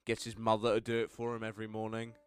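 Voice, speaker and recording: A man reading a text game aloud with wry commentary, swinging between deadpan narration and outbursts. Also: lowish voice, fast, clear, resonant tone, faint music behind. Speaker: game streamer.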